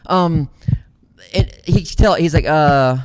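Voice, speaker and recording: A middle-aged man, a comedian host, telling a long story in a casual, animated and profane way. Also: on the high side, fairly quick, dry recording, clean studio sound.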